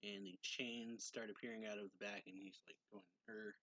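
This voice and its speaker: A man's voice: on the low side, steady tone, a little fast, bright, forceful tone, poor audio. A man retelling a manga chapter in a loose, casual way, with lots of fillers, and reading out characters' lines as he goes. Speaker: manga reviewer.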